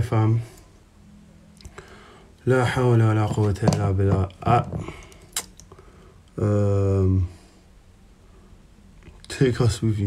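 A man's voice: on the low side, slight background noise. Laid-back man hosting a livestream. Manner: laid-back, slang-heavy, banters with viewers. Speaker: livestream host. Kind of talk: casual livestream chat.

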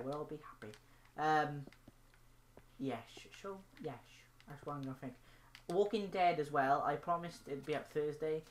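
A woman's voice: sits low, slight background noise. A young woman chatting casually over a game in her vlog, rambling, silly and playful as she plays. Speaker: gaming channel host. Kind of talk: casual gaming vlog commentary.

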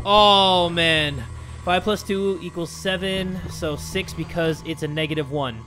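A man doing excitable, swear-filled gameplay commentary as a gaming YouTuber. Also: on the high side, unhurried. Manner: excitable, swears, yelps and shouts when startled. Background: game music.

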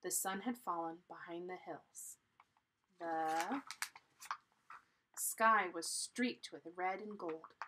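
A woman reading a children's chapter book aloud in a deliberate, teacherly way, pausing to explain. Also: fairly low pitch, fairly even intonation, noisy background. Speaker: storybook reader.

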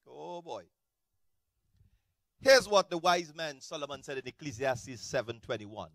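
A man preaching a sermon as a pastor, animated, swinging between shouted peaks and low, quiet asides. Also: a little slow, long pauses, no echo.

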